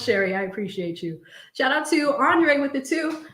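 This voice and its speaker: A young woman hosting a live stream from home, with a fairly high voice that carries a roomy echo. She talks in a loose, expressive way, laughs readily, and reads viewer messages aloud between her own remarks. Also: a little fast. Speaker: livestream host reading viewer super chats. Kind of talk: casual live-stream chat.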